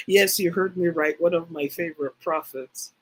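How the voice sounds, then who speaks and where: A woman delivers a livestreamed spiritual teaching talk, speaking emphatically, repeating phrases for stress and addressing her live chat viewers directly. Her voice is fairly low and steady at normal speed, and the audio is poor.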